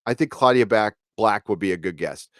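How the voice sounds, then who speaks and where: A middle-aged man with a fairly low voice talks fairly quickly while reading chat aloud on a casual live stream. His delivery rambles, packed with fillers and restarts, and the studio-quality recording has no room sound.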